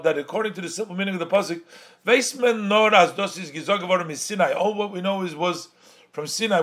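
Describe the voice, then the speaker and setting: In a sing-song study cadence, a man works through a Torah text Talmudic-style, translating phrases and restating them in English sprinkled with Yiddish and Hebrew. His voice is high-pitched and a bit bright.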